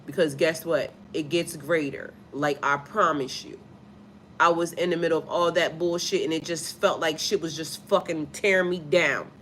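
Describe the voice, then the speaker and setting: A low-pitched, fairly bright female voice with fairly even intonation and a moderate pace belongs to a spiritual life coach, a mother, who swears a lot and talks bluntly and emphatically on a casual live stream. She stops to read out viewers' comments, and slight background noise can be heard.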